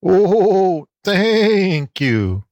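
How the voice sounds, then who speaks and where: A man voicing a bleating female goat lady in a high voice. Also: very animated, very slow, darkish tone, no echo, lo-fi sound, exaggerated voice. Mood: grateful.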